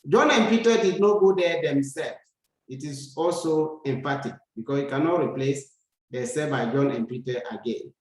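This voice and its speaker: A male teacher giving a grammar lesson, reading example sentences slowly and repeating them for learners. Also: on the high side. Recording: echoey room.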